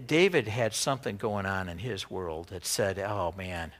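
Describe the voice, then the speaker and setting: A male pastor preaching a sermon in an animated, conversational way. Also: on the low side, moderate pace.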